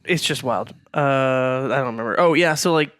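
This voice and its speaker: A young man co-hosts a podcast, chatting casually and rambling with many fillers and restarts. His mid-range voice is clear, resonant, and fairly bright, at a moderate pace. The recording is dry and studio quality.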